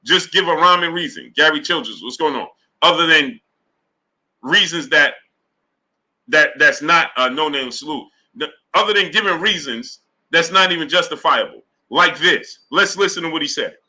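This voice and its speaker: Bright-voiced male boxing streamer. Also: a little high, normal speed, low-quality recording. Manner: animated, shouts out viewers by name. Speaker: boxing talk show host. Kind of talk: live-stream chat reading super chats.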